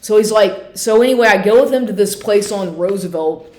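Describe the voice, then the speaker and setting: A woman's voice: mid-range voice, brisk, a little mellow, slight background noise. A woman telling a story in a casual monologue, rambling, swearing often and sounding exasperated. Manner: profane, rambling, exasperated retelling. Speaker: vlogger. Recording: roomy echo.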